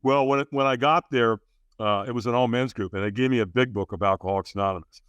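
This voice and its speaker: A man's voice: mid-range voice, fast talker, a bit bright, clean tone, no room sound. Candid man in his sixties telling his story. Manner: frank, earnest, full of fillers and restarts, acts out quotes. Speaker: podcast guest. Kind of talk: candid personal storytelling in an interview.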